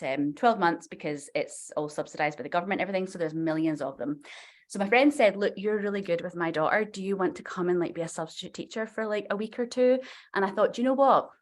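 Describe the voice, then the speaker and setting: A woman in her forties, a novelist guest on a podcast, telling a story in a chatty, animated way full of fillers. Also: deep voice. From Scotland.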